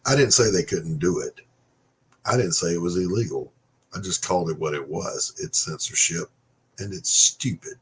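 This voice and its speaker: A low-voiced man holds forth in a blunt, sarcastic rant, with frequent swearing. He keeps the casual talk of a host speaking off the cuff. A faint hiss of noise sits under his voice. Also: lively intonation, unhurried, long pauses, a bit bright. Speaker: podcast host. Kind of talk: casual opinion monologue.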